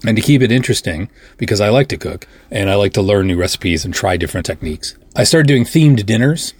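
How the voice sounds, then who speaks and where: A man's voice: on the low side, animated, fast talker, breathy edge, no echo. A middle-aged man hosting a podcast, talking casually in a self-deprecating, joking way. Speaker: podcast host. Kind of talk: casual monologue.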